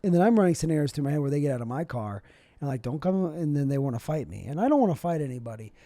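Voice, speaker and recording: A young man delivering a rambling, deadpan comedic monologue with absurd asides, as a vlogger. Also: fairly high pitch, racing, dry recording.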